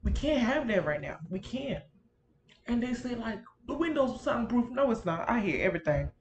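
A woman chatting casually to her viewers while she sets up a video, rambling and animated, recorded at home on a built-in computer mic. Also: a little high, normal speed, echoey room. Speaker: gaming YouTuber. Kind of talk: casual chatty vlog narration. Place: home room near a busy street.

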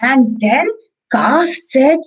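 A woman with an Indian English accent teaching preschoolers in an online class, telling a story slowly and repeating words for small children. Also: high voice, animated, breathy edge, rough recording. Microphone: video call.

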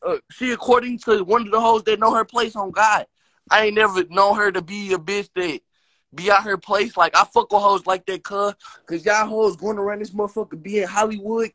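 Young male rapper, high-pitched voice, profane and heated, ranting to his live-stream viewers. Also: a bit bright. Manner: heated, profane, slangy trash talk.

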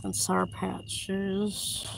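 In a mid-range, gravelly voice with completely flat delivery and drawn-out words, a woman vlogs as she browses a crowded store. She rambles casually and giggles to herself, with store noise all around.

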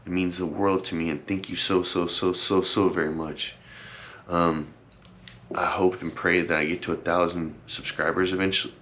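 Deep-voiced young man, rambling thanks. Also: flat delivery, moderate pace, a bit bright, slight background noise. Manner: rambling, earnest, many fillers and repeated thanks. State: emotional, teary at times. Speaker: vlogger. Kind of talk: casual heartfelt vlog talk.

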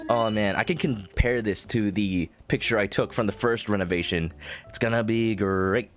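A man's voice: fairly low pitch, moderate pace, faint music behind. A man streaming a game, chatting casually with viewers, laughing often and greeting chat by name. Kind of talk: casual gaming livestream chat.

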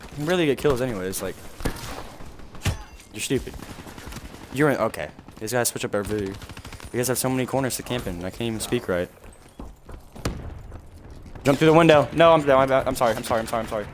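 A young man giving live gameplay commentary, animated and trash-talking, with sudden shouts at opponents. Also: medium pitch. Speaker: gaming commentator. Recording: game gunfire noise behind the voice. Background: in-game gunfire and explosions.

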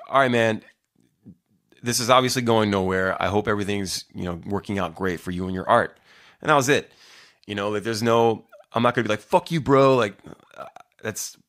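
A man's voice: lowish voice, a bit bright. A middle-aged man hosting his own podcast, talking casually, rambling and profane, with lots of fillers and restarts. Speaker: musician podcast host. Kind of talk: casual solo podcast monologue.

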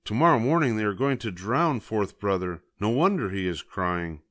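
An older man voicing a calm, matter-of-fact brother in a storybook reading. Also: on the low side, normal speed. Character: far-seeing young male brother, calm.

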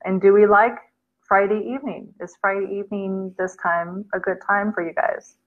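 A woman's voice: mid-range voice, steady tone, moderate pace. A woman hosting a casual live chat, reading out viewer comments and mixing in Urdu words as she answers. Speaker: livestream host answering viewer questions. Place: Islamabad. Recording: dull lo-fi sound.

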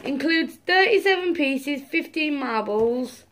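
A young woman chats excitedly to her viewers as she unboxes gifts. Her voice sits high and swoops up and down a great deal. She takes her time between phrases. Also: slow. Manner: gushing, excitable, talks to viewers. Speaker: vlogger. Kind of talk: casual unboxing vlog.

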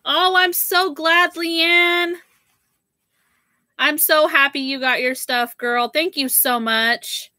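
A young woman chats casually with viewers while hosting a live sale stream, often using "like" and "girl." Her high voice is pushed and bright, slow and fairly even in intonation, with clean studio sound and no echo.

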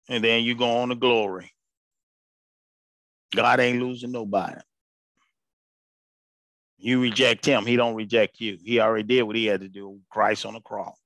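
A man's voice: medium pitch, a bit bright, dry recording. A man preaching an informal sermon broadcast, colloquial and emphatic, repeating his phrases for weight.

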